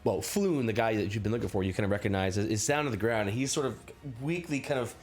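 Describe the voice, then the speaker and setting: A man's voice: fairly low pitch, soft background music. Scattered male game master narrating. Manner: scattered, halting, lots of restarts. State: sick. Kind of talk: narrating a tabletop game on a live stream.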